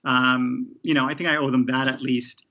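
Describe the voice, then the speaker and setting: A man in a casual interview, speaking as a showrunner about his work. He rambles, repeating words and circling back before finishing a thought. The audio is slightly dull and lo-fi, and his pitch sits in an ordinary middle range. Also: level tone, moderate pace, vocal fry, bright, forceful tone. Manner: rambling, many restarts and fillers. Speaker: TV showrunner guest.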